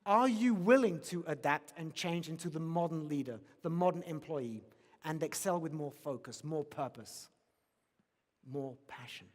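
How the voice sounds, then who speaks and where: A man's voice: a little high, moderate pace. A man giving a motivational conference keynote, emphatic and repeating his key questions. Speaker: keynote speaker. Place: large conference hall. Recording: long reverb of a large hall.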